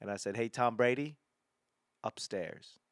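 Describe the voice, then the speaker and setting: A man's voice: medium pitch, unhurried, no echo, studio quality. Profane rambling comedian man. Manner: rambling, profane, self-interrupting. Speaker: stand-up comedian hosting his podcast. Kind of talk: casual comedic storytelling.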